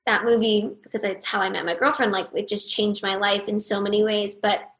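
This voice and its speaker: A young American actress chatting as an interview guest, telling stories in a lively, animated way. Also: female voice, medium pitch, fairly quick. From United States. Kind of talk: casual interview chat. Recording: roomy echoey sound.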